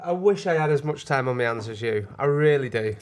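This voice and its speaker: A man's voice: medium pitch, animated, brisk. A man co-hosting a casual comic podcast, teasing and blunt in his banter. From northern England. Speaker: podcast co-host.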